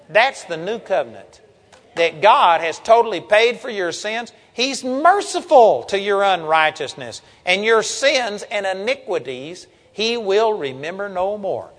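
Older male preacher, earnest emphatic sermon, slightly high voice, reverberant hall. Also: expressive, measured pace, a bit bright. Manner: earnest, emphatic Bible teaching with scripture reading.

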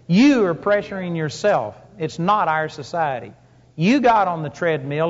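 A man's voice: a little high, animated, measured pace. A man preaching a sermon to a congregation, telling stories with emphatic rises and punchy lines. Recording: long hall reverb, dull lo-fi sound.

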